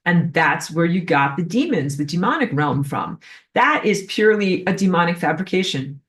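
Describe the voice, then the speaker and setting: A woman's voice: lowish voice, expressive, normal speed, distant mic. A woman giving a rambling spiritual lesson, digressing often with fillers and acted-out asides. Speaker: spiritual teacher.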